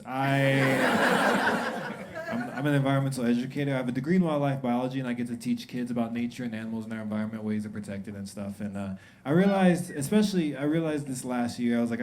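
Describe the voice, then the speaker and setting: A young man works through a stand-up routine at a quick pace, his mid-range voice fairly even as he riffs casually, performs quoted lines and cracks himself up. Recorded live at a comedy club, it's drowned in loud laughter from the crowd.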